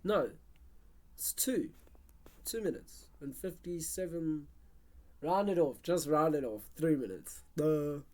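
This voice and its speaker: A music producer chatting casually on a live stream, talking to themself and the chat and humming basslines while working. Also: slow, long pauses, darkish tone. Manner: chatty, talks to self and chat, hums basslines.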